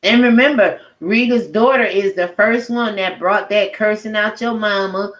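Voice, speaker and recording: A woman's voice: mid-range voice, moderate pace, a bit bright, dull audio. A woman giving a heated, profane rant as a YouTube commentator, speaking emphatically. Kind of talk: angry rant to camera.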